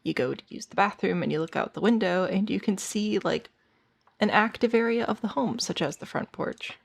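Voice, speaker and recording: Hoarse, tired woman streamer, gravelly. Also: medium pitch, moderate pace. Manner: chatty, thinking aloud, talking to chat. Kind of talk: casual gameplay chat.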